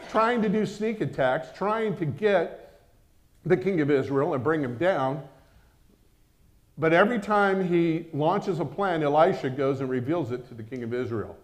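A man with a fairly high voice preaches a sermon in a relaxed, conversational manner. He keeps it lively and often breaks in with quick exclamations.

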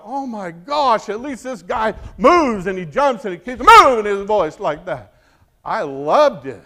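A middle-aged man preaching a sermon in a fairly high voice. He is animated, pressing points loudly, then dropping into soft, confiding asides. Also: unhurried. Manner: animated, swings from loud emphasis to quiet asides. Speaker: pastor.

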